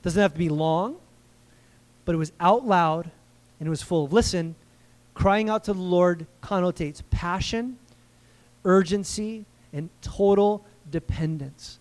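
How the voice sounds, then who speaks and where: A man preaching a sermon in a conversational way, asking the congregation questions and slowing down to stress key phrases. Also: high voice, darkish tone. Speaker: pastor.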